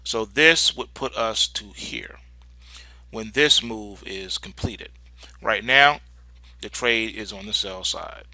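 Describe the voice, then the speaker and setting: Guy doing his end of day market recap, bright tense voice, lots of uhs and repeats. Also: fairly low pitch, measured pace, no room sound. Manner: casual, repeats words, many fillers. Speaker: market commentary host.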